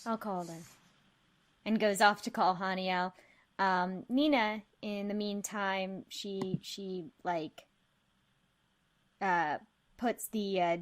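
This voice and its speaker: A woman's voice: medium pitch, takes it slowly. A woman narrating as game master of a tabletop game, rambling with many fillers. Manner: rambling, lots of um and like.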